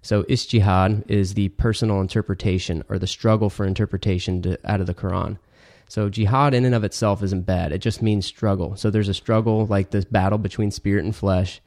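A man co-hosting a podcast, explaining a religious topic in a measured way with small restarts. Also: fairly low pitch, fairly even intonation, a little mellow. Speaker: podcast co-host explaining Islam. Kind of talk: casual podcast discussion.

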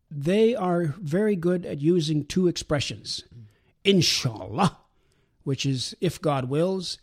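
Man explaining slowly with frequent fillers. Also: fairly high pitch. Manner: measured, explanatory, with many pauses and fillers. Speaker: guest speaker explaining Islam. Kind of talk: Christian talk show discussion.

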